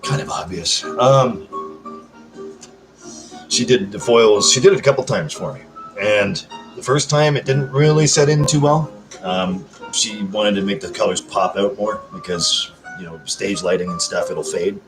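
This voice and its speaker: A man's voice: on the low side, measured pace. A man hosting a casual live chat, rambling, swearing freely and answering viewer comments. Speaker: livestream host. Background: background music.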